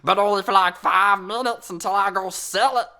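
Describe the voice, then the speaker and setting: A woman's voice: medium pitch, steady tone, moderate pace, sharp tone. A woman voicing a goofy talking sheep who hosts a children's story show, reading a fairy tale with playful, sassy asides to the listener. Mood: chatty. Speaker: storyteller host.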